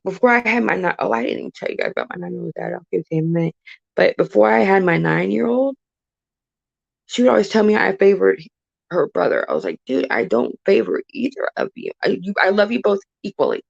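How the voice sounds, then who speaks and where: A woman in her thirties telling stories from her childhood on a casual livestream, talking in halting bursts with many restarts and repeated phrases. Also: mid-range voice, vocal fry, breathy edge, dull audio. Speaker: live streamer.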